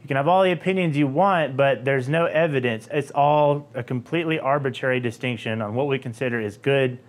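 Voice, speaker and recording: A man's voice: mid-range voice, brisk. Guy explaining language stuff, earnest and chatty, kinda casual with some uhs. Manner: earnest, conversational, with some fillers. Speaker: educational video host. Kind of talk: explanatory commentary.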